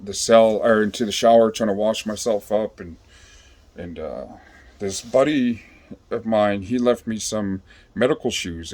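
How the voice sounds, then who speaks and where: A man with a fairly low voice tells a story in a loose, rambling way. He swears freely and keeps filling pauses with ums and you-knows. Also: a little mellow. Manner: rambling, profane, with many fillers. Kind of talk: casual storytelling.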